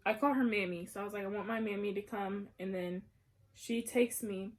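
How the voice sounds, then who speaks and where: A woman's voice: medium pitch, normal speed. A young woman vlogger telling a personal story in a casual, rambling way, with lots of fillers and restarts as she gets ready.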